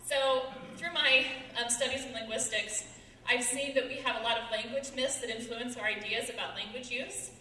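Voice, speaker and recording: A young woman gives an earnest stage talk in a fairly high, bright voice. She is heard from back in a big echoing hall, with a long ringing tail on her words and some faint ambience. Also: fairly even intonation, slight background noise. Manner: earnest, quick, laughing now and then. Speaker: student speaker. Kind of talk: short persuasive stage talk. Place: large hall with audience. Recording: echoey hall from far off.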